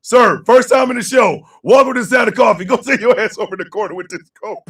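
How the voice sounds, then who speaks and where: A man hosting a casual live chat show, cracking up constantly and shouting out reactions to his audience. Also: very high-pitched, quick pace, slightly rough, distant mic. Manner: laughs constantly, loud exclamations. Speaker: host.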